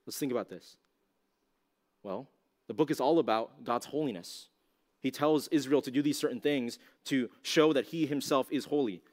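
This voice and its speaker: A man teaching a youth ministry talk in a casual, conversational way, full of "like" and rhetorical questions to his listeners. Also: medium pitch. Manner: casual, conversational, heavy use of "like"; asks the audience rhetorical questions. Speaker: youth pastor.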